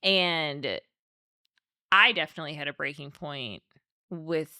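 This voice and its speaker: A woman's voice: low voice, measured pace, pushed and bright, no echo, clean studio sound. A young adult woman, co-host of a mental health podcast, talking candidly and emotionally with many fillers. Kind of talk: candid conversational podcast talk.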